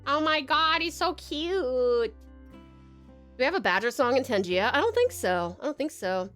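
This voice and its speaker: A bubbly Australian woman streaming a game, thanking viewers and reading tutorial text aloud. Her voice runs high and leaps around expressively, and she laughs often. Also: big pitch swings, measured pace, a bit bright, soft background music. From Tasmania, Australia. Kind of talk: live game stream chat.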